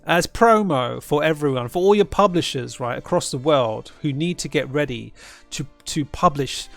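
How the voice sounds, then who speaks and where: A man hosting a gaming channel, rambling in casual commentary and repeating himself, his voice jumping high whenever he gets hyped. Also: animated, normal speed, vocal fry, fairly bright tone, dry recording, soft background music.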